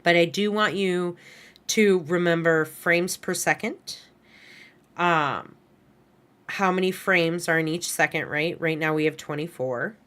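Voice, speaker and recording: Low-voiced lady teaching animation at her computer, casual and loose, keeps going "right?" and fixing what she said. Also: unhurried, fairly bright tone, smooth. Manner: casual, self-correcting, lots of "right?" and "kind of". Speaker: animation instructor. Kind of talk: recorded class lecture. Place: screen-share lesson at a computer. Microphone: headset or desk mic she adjusts.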